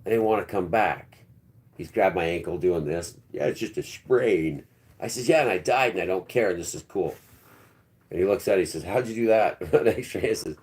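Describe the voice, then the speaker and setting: Deep-voiced man rambling through a story. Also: normal speed, darkish tone. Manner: rambling, wandering, blunt and earthy. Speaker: live stream host.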